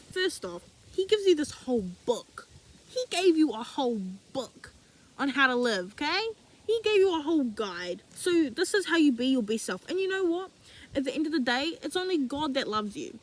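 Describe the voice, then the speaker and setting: A woman's voice: sits high, slight background noise. A young woman talking casually and animatedly to camera about faith, in slangy, preachy, rhetorical speech. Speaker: faith vlogger.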